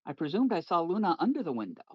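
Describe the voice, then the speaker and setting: Lively, halting man at a game table. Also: a little high, husky, dry recording. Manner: halting, repeats words as he works things out. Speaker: player. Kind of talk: casual tabletop game chat. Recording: dull lo-fi sound.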